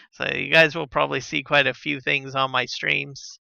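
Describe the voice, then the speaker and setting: A man chatting casually on a live gaming stream, relaxed and rambling with lots of fillers and soft chuckles, on a slightly dull lo-fi mic. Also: mid-range voice, measured pace, gravelly, no echo. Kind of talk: casual live-stream chat while playing.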